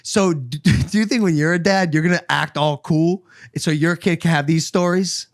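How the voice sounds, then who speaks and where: A man co-hosting a podcast, chiming in with excited jokes and questions in casual chat. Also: fairly high pitch, moderate pace. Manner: excited, joking interjections. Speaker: podcast co-host.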